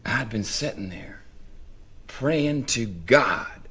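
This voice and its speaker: A man's voice: medium pitch, animated, fairly bright tone, slightly rough. Drawling Southern man reading a story aloud. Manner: slow drawling first-person storytelling, wry. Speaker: reader. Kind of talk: live dramatic reading of a story.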